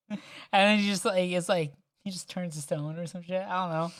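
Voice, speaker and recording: A man's voice: high voice, fairly even intonation, brisk, fairly bright tone. A man co-hosting a podcast, joking and swearing in casual chat, with lots of "like" fillers. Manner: joking, profane, rambling with many "like" fillers. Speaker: podcast co-host.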